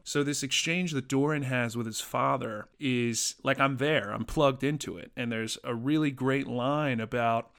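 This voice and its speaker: A man's voice: medium pitch, a bit bright. A man talking casually as a podcast host, reviewing a TV episode as an enthusiastic fan, with fillers and restarts.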